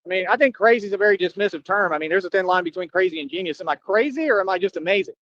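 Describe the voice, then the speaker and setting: High-voiced man ranting, lo-fi. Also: animated, racing, a bit bright, dry recording. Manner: boastful, confrontational, repetitive taunting. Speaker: streamer. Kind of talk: ranting monologue. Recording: dull lo-fi sound.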